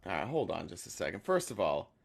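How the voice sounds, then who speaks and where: A man's voice: sits low, big pitch swings, fast talker, creaky. Teasing male podcast host. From United States. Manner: teasing, joking. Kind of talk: casual chat.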